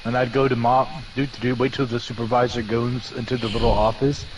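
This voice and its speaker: A young man chats casually at a brisk pace, spinning stories about an old job and acting out his coworkers' voices. His medium-pitched voice moves little in pitch, and there's a noisy background behind him.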